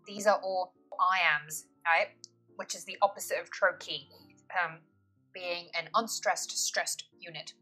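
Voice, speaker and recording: High, articulate woman teaching poetry. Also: a bit bright. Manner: articulate, precise academic wording; stretches and stresses words to show poetic rhythm. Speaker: literature tutor. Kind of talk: exam-prep poetry analysis lesson.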